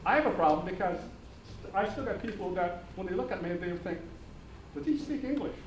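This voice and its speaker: A man speaking on a panel discussion, animated and engaging the audience with humor and questions. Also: sits high, quick pace, noisy background. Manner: animated, audience-engaging, uses put-on voices for quoted people. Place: conference hall.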